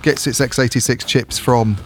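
A man's voice: mid-range voice, fairly even intonation, normal speed, soft background music. A man co-hosting a podcast in casual chat, hesitant and wry, often restarting his sentences. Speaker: podcast co-host.

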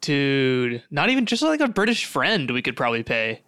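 Smooth-voiced young man joking around. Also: mid-range voice, very animated, sharp tone, no echo. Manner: playful, jokey, quick back-and-forth. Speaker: podcast co-host. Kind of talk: casual banter.

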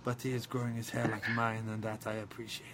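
A man's voice: fairly low pitch, monotone, quick pace, background noise. A man in casual comedic banter, joking around and slipping into silly character voices. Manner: jokey, slips into put-on character voices.

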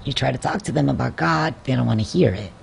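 A woman's voice: extremely low pitch, fast, vocal fry, slightly rough. A woman hosting a faith talk show, chatty and asking her guest questions. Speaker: show host. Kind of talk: interview host, opening with a read poem.

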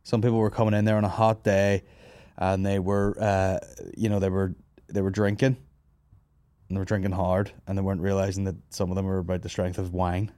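On his comedy podcast, a male host tells rambling, sweary stories and laughs at his own jokes in casual banter. His voice is deep and dark, his delivery flat and brisk, with no room sound.

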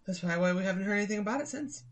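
A woman's voice: mid-range voice, lively intonation, rapid-fire, a little hiss or hum. A woman co-hosting a podcast in casual chat, playful and sarcastic as she floats wild theories. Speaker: podcast co-host.

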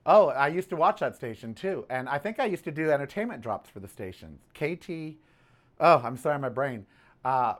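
A man's voice: mid-range voice, fairly bright tone. A man hosting his own podcast, ranting casually about politics and telling a story with sassy "honey" asides. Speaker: podcast host.

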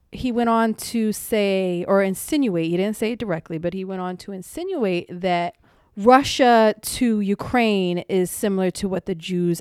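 A woman's voice: medium pitch, no echo, studio quality. Laughing, slangy woman podcaster. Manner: animated, laughing, slangy storytelling. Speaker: podcast co-host. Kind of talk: casual chat.

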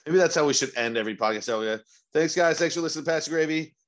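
A man co-hosting a casual comedy podcast, animated and profane, laughing a lot. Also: fairly high pitch, very fast. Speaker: podcast co-host.

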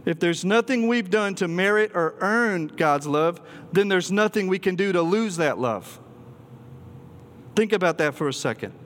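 Man, preacher giving an earnest sermon, slightly higher voice, long echo from a big hall. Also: expressive, moderate pace, fairly bright tone. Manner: earnest, emphatic, with filler ums and restarts.

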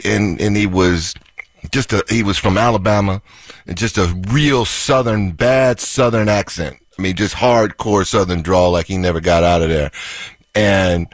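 A man's voice: deep voice, dry recording. A man co-hosting a sports podcast, telling locker-room stories in a casual, laughing way and drawing out his words. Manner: laughing storyteller, drawn-out delivery. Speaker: podcast co-host, former football coach.

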